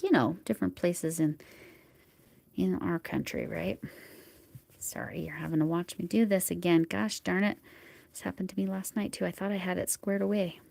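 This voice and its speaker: A woman hosting a crochet livestream at home, chatting casually as she works and murmuring soft whispered asides to herself. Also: fairly low pitch, gravelly, no echo. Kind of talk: casual live chat while crocheting.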